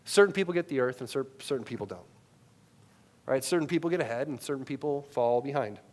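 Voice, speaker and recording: Talking fast with lively intonation, a male pastor preaches conversationally over a headset mic. He keeps adding "right?" to his lines and shifts from loud, emphatic peaks to quiet, low asides.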